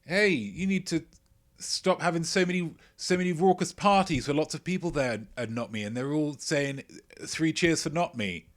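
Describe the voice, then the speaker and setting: A man's voice: moderate pace, close to an everyday voice. A man putting on a silly, over-the-top voice for a nosy neighbor peeking over a garden wall. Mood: complaining. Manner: squeaky, over-the-top, on-the-spot silly character voice.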